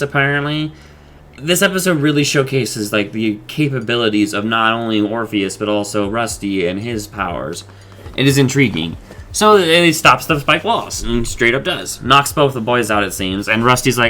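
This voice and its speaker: A man's voice: mid-range voice, lively intonation, moderate pace, sharp tone, faint music behind. A man hosting a podcast, casually recapping and discussing an episode in a rambling way, swearing freely and paraphrasing the characters' lines. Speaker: podcast host.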